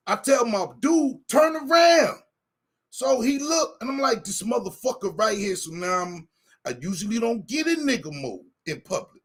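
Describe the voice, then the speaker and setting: A man with a high, slightly bright voice that has a breathy edge tells a heated, profane story during a casual chat. He acts out the quotes of what he said as he goes, making it animated storytelling.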